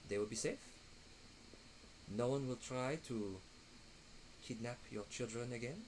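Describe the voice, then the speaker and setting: A man voicing a brisk, formal female elf agent in a tabletop game, with faint background noise. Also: medium pitch, darkish tone, lightly acted, rough recording. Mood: reassuring. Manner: stiff, formal, then flustered whispering.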